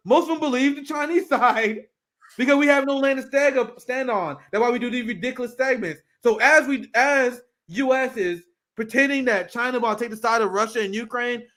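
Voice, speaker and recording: High-pitched male commentary host, animated and profane, reading and reacting. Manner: profane, animated, laughs often; reads clips aloud while reacting. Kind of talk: casual political commentary.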